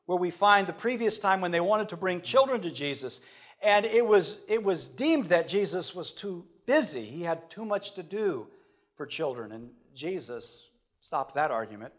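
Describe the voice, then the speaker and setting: Speaking in a high-pitched, sing-song voice at normal speed, a man preaches dramatically. His delivery shifts from loud proclamations to quiet words, and he asks his listeners rhetorical questions.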